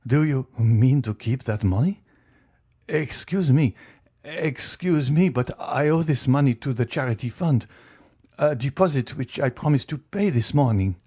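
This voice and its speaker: A man's voice: mid-range voice, expressive, unhurried, warm tone, slightly rough, pitched above the performer's own voice. A man voicing a proud, greedy middle-aged banker who talks boastfully. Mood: flustered. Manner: boastful, then flustered and stammering.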